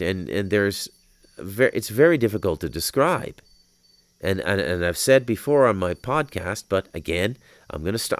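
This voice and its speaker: Deep-voiced man ranting on a patio. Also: no room sound. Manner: profane, rambling, swings into heated shouting. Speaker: podcast host. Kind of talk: spiritual monologue. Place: outdoor patio.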